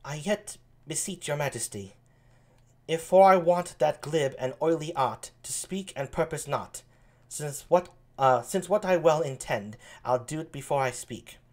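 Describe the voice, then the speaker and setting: A man's voice: a little high, expressive, unhurried. A man reading an earnest young princess. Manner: quiet, earnest, a few stumbles.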